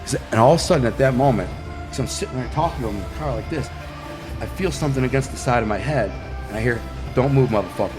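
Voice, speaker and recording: A man's voice: medium pitch, very fast. Man, podcast guest, vivid slangy storytelling, sound effects, reverberant hall, faint background music. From Detroit, United States. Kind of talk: casual storytelling.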